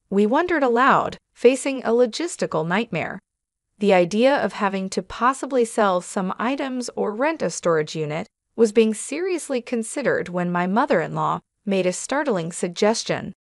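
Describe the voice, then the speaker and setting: A woman narrates a scripted first-person story in a steady, measured way. Her voice sits at a middle pitch and sounds dry and close, with no room echo.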